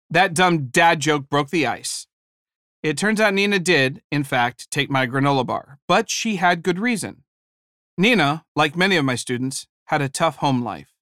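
Lively, dry-sounding male preacher. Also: fairly high pitch, normal speed, no room sound. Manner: animated, humorous storytelling. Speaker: preacher and former high school teacher. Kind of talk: sermon storytelling.

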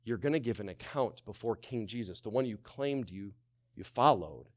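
A male pastor preaching a sermon, swinging from loud to hushed, firing rhetorical questions and calling on the congregation to answer. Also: lowish voice, expressive, normal speed. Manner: asks many rhetorical questions.

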